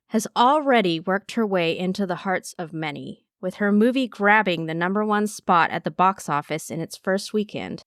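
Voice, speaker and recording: A woman's voice: medium pitch, clean tone, dry recording, clean studio sound. A woman hosting a podcast, reading a script in an earnest, enthusiastic way. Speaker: podcast host.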